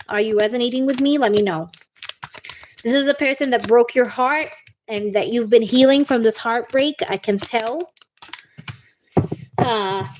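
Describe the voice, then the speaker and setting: Chatty tarot reader woman, higher voice. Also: darkish tone. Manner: chatty, reassuring, repeats "okay?" and "baby". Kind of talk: live-stream tarot reading.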